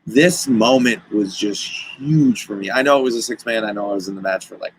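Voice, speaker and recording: A man's voice: fairly low pitch, a little fast, slight background noise, poor audio. A man, a guest wrestler, telling stories in casual chat and acting out the lines of the people in them. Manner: animated, acts out quoted dialogue.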